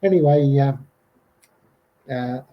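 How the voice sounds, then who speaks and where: A man's voice: mid-range voice, slow pace, muffled recording, slight background noise. A middle-aged Australian man telling a bush camping story in casual fashion, full of fillers and restarts. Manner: rambling, many fillers and restarts, quotes people in raised voices. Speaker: podcast guest recounting an encounter.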